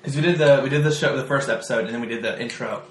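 A man's voice: medium pitch, rapid-fire, a bit bright, roomy sound. A man hosting a casual podcast chat over a meal in a small studio, effusive and enthusiastic, swearing casually. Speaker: podcast host. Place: small home podcast studio with foam panels.

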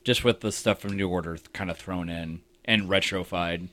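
A man's voice: sits low, steady tone, moderate pace, sharp tone. A man in a casual podcast chat, laid-back, with dry humor.

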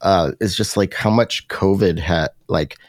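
A man's voice: low-pitched, a little slow, no room sound, clean studio sound. A man hosting a podcast, talking casually with lots of fillers and restarts. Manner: chatty, many fillers and restarts. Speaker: podcast host.

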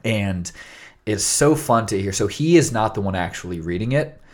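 A man with a fairly low voice talks through an idea in a loose, casual podcast chat. He rambles and restarts often, leaning on fillers as he explains. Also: lively intonation, normal speed.

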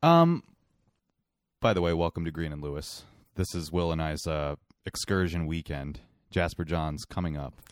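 A man's voice: very deep voice, lively intonation, normal speed, no echo, clean studio sound. A man co-hosting a podcast in casual, teasing chat, with a sore throat. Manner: argumentative, teasing, does vocal warm-ups. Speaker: podcast co-host.

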